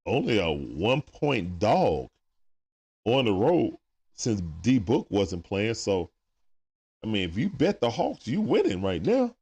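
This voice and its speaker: A young man from with a low, lively voice that rises and falls a lot. He talks in a relaxed, slangy way while hosting a live stream and answering viewer chat. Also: measured pace, slightly rough. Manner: laid-back, chatty, animated talk with slang. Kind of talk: casual live commentary, reading chat.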